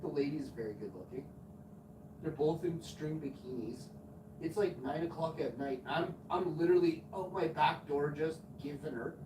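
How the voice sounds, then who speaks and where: A man's voice: fairly high pitch, normal speed. Rambling, swearing male streamer in his forties; off-mic and roomy. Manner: crude, rambling, swears often. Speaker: live streamer. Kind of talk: casual storytelling on a live stream. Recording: echoey room, far from mic, noisy.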